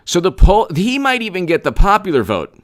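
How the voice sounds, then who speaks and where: A man hosting a casual political commentary livestream, animated and repetitive, often restarting his sentences and speaking straight to viewers. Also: high-pitched, fairly quick. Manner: animated, repetitive, mock-quoting opponents, frequent restarts.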